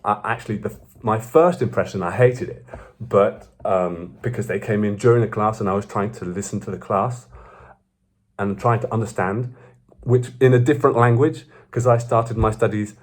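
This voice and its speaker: A man's voice: on the low side, moderate pace. Rambling young man. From Belgium. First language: French. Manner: rambling, self-correcting, animated. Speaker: vlogger. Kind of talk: casual storytelling.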